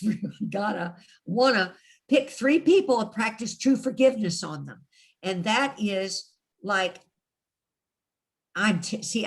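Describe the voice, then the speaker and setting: A woman at a mid-range pitch leads an online group discussion over a video call. She talks in a chatty, encouraging way and laughs often as she guides the group. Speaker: study group leader.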